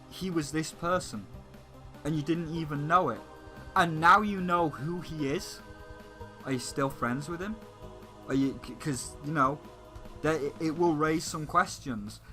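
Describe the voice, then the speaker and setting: A man's voice: a little high, expressive, a little slow, sharp tone, soft background music, low-quality recording. Ranting, cursing male gaming host. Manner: heated, swearing, repetitive ranting. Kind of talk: profane video game rant.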